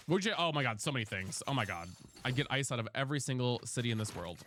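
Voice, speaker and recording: A woman chatting casually with viewers while streaming a game, playful and quick to thank people for gifts, just over an ear and respiratory infection. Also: a bass voice, expressive, noisy background. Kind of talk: casual live-stream chat while gaming.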